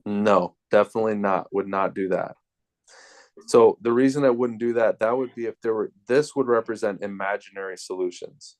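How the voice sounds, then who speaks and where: A man tutoring math over a video call, explaining things step by step in a relaxed way. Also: on the low side, normal speed. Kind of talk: casual tutoring session.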